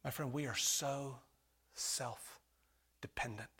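A pastor preaching a sermon, calling the congregation "folks" and swinging from hushed whispers to loud, emphatic appeals. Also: male voice, medium pitch, fairly even intonation, takes it slowly, husky.

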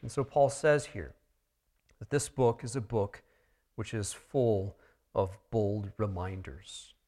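A pastor with a somewhat high voice preaches a sermon, leading listeners through a text verse by verse. He shifts between quiet, earnest stretches and loud, emphatic ones.

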